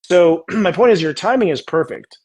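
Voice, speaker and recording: A man hosting a casual spiritual coaching chat, animated and acting out tender inner dialogues. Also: high-pitched, moderate pace, breathy edge. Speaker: astrologer host.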